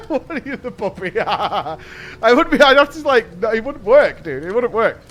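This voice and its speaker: Hoarse, excitable male streamer. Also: very high-pitched, unhurried. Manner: excitable, swears a lot, repeats himself, answers chat. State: hoarse from shouting. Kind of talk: casual chat with a live audience.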